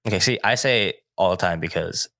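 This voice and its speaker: A man co-hosting a podcast in casual chat, easygoing and agreeable, quick to laugh. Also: deep voice, vocal fry, sharp tone, no room sound, clean studio sound. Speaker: podcast co-host.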